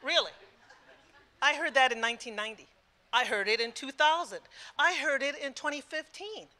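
A woman in her sixties delivers an impassioned talk to a conference room audience at normal speed. Her slightly high voice is bright and forceful; she repeats herself for emphasis and moves between English and Spanish within sentences.

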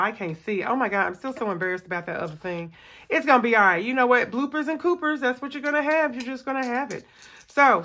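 A woman's voice: mid-range voice, sharp tone. A tired woman hosting a budgeting video, chatting casually with viewers and counting aloud as she plays a savings game at home. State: tired after a long workday. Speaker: budgeting channel host. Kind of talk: casual chat while playing a savings game.

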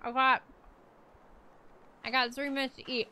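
A woman streamer chatting casually through her game at a desk microphone, her voice pitched a little high. She talks to herself and her viewers as she plays. Steady clicks sound in the background. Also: measured pace, slight background noise. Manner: chatty, talks to herself and chat while playing.

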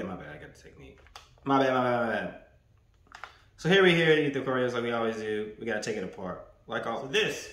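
A man hosting a casual snack-review vlog, his voice swinging up and down with lively, animated pitch. He talks in a loose, playful way and repeats his phrases. The sound is roomy and echoey, like a bare room indoors. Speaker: food reviewer. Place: indoors, standing. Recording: roomy echo.

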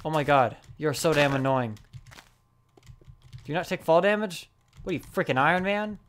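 Excitable woman yelling at a game. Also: deep voice, moderate pace, a little hiss or hum. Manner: excitable, frustrated, yells at the game. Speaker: let's play host. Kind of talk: gameplay commentary.

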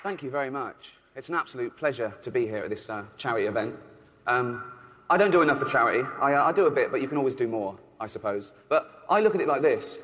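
A man from England doing a deadpan, offhand stand-up routine on stage at a charity event. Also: mid-range voice, fast, in a large hall. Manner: deadpan, offhand, with frequent ums and chuckles. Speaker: stand-up comedian. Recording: noisy live venue.

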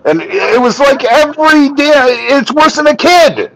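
A man guesting on a podcast, spinning animated stories and acting out what his friends said. His voice rises and falls freely at a slow, unhurried pace. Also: very high voice, vocal fry, low-quality recording. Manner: animated storytelling, acting out friends' lines and laughing. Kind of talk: casual podcast chat.

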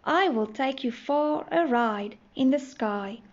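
A woman's voice: high-pitched, expressive, slow pace, heavily acted. A woman voicing a cheerful, bossy flying train engine that calls out to its passengers. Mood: jolly. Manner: loud, calling out. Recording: muffled, faint hiss.

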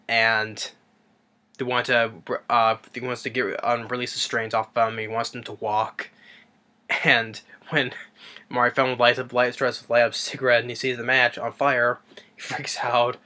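A man's voice: mid-range voice, bright, forceful tone. A man casually retelling a film's plot as a reviewer, rambling and hesitant with many fillers and restarts. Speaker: movie reviewer.

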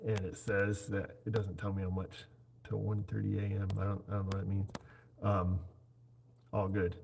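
A man's voice: lowish voice, little pitch movement, normal speed, creaky, a little mellow, a little hiss or hum. A man in his forties hosting a casual livestream chat, rambling and joking as he talks into his computer. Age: 40s. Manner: rambling, jokey, chatty. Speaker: livestream host. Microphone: computer set up on his screen.

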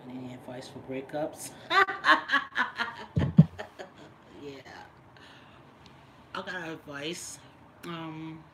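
A woman's voice: low voice, noisy background. A middle-aged woman live-streaming a casual vlog, chatting and teasing while she reads viewer comments aloud. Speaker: lifestyle vlogger doing a live stream.

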